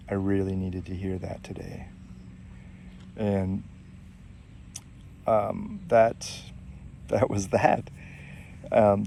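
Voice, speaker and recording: A man telling a personal story in casual speech, halting and reflective, with frequent pauses. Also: lowish voice, vocal fry, warm tone, a little hiss or hum. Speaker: storyteller sharing personal faith experiences.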